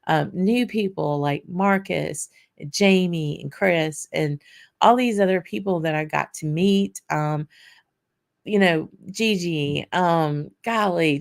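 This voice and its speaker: A tired, slightly hoarse woman from Louisiana, chatting casually as host of her own vlog, with lots of fillers and restarts. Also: lowish voice. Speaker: whisky channel host.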